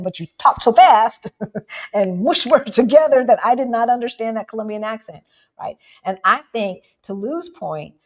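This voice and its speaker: A woman from the United States co-hosting a casual livestream, chatting with viewers and often asking "right?". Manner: animated, jumps up in pitch for emphasis. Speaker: livestream co-host.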